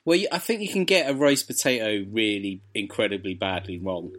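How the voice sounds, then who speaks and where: A man talks in a fairly low voice on a chatty podcast. He rambles and hesitates, restarting his sentences as he thinks aloud. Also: brisk, fairly bright tone. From South London. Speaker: podcast co-host. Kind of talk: casual chat.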